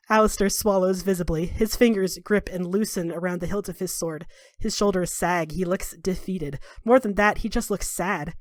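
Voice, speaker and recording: A woman's voice: mid-range voice, moderate pace, no room sound, clean studio sound. A woman game master narrating a tabletop game casually, with plenty of fillers.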